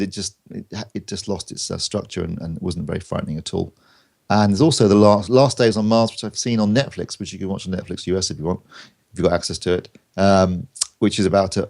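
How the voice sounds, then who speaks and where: A man's voice: deep voice, vocal fry, a little mellow. A man co-hosting a podcast, rambling through film reviews with plenty of ums and restarts and dry jokes. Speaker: podcast co-host reviewing films. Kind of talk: casual chat.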